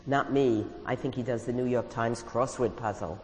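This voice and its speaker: A woman author reading her own first-person stories aloud with a wry, confiding manner, pausing to explain them. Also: very deep voice, fairly even intonation, darkish tone, big-room sound, slight background noise, low-quality recording.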